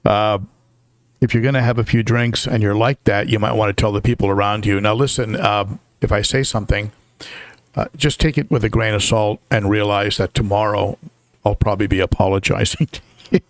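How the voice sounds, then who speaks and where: A man's voice: fairly low pitch, fairly even intonation, brisk, no echo. An older man hosting a casual live stream, chatty, with lots of fillers and restarts while greeting viewers.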